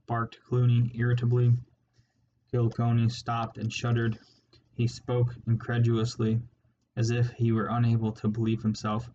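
A man narrating an audiobook in a measured, steady reading, in a slightly muffled recording with faint hiss. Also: mid-range voice.

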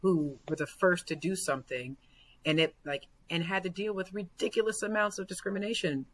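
A woman basketball coach talking earnestly as a podcast guest, full of fillers and growing excitement. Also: on the low side, a little fast, slight background noise, low-quality recording. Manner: earnest, many fillers, builds to excited retellings.

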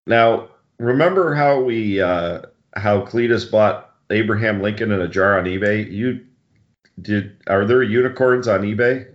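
A man with a very low voice chats casually as a podcast co-host. He wanders off on tangents and fixes his own words as he goes. The sound is dull and lo-fi. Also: a little slow. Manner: rambling, tangents, self-correcting.

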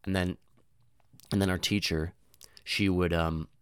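A young man telling a long comic story in a loose, rambling way, swearing often and saying "dude" and "you know", with restarts and sudden high voices for the people he quotes. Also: fairly even intonation, a little slow, a bit bright, clear, resonant tone, no room sound, studio quality.

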